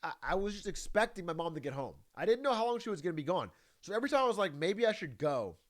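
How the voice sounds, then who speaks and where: A man's voice: high-pitched, lively intonation, rapid-fire. A man chatting casually as a YouTuber, telling a story and reacting to a video, laughing often and swearing freely.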